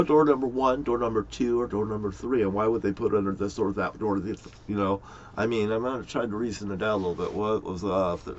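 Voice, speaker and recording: A middle-aged man, an amateur crime sleuth, rambles in a loose, profane monologue and chuckles often. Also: mid-range voice. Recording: dull lo-fi recording.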